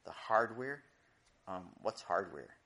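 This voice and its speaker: A man's voice: fairly low pitch, lively intonation, takes it slowly, bright, forceful tone, voice pushed down, exaggerated voice. A man voicing an easygoing, absent-minded young boy who stammers and hesitates.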